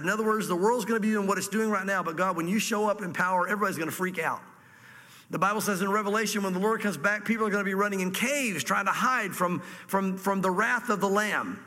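A man preaching a sermon in church, reading scripture slowly and explaining it in a plain, earnest way. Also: high voice, bright, forceful tone, big-room sound. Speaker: pastor.

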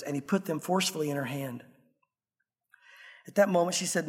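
A man preaching a sermon, telling an illustration story earnestly and slowing down for the emotional parts. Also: on the high side. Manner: earnest storytelling, slows and softens for emotional quotes. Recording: long reverb of a large room.

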